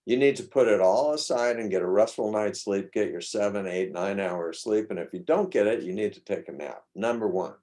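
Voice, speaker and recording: Blunt, opinionated man with a low, mellow voice. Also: fairly quick, few pauses. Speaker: speaker at a talk. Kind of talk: informal lecture.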